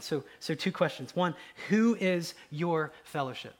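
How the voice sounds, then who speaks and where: A man preaching a conversational sermon, dropping to quiet low asides and rising into loud, excited acted quotes. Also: normal speed, hardly any pauses. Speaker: pastor.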